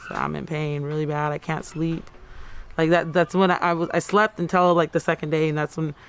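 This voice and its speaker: A woman in her thirties being interviewed for the news. She recounts her story in a halting, repetitive way, often acting out her own quoted words. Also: sits low, little pitch movement, smooth. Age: 30s. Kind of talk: personal account in a news interview.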